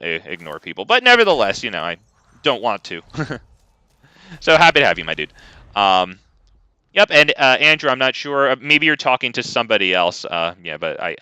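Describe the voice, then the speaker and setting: A man's voice: lowish voice, pushed and bright, clear, resonant tone, no echo. A man streaming a card game, ranting casually and talking to his chat. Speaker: gaming streamer. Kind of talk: casual live gameplay commentary.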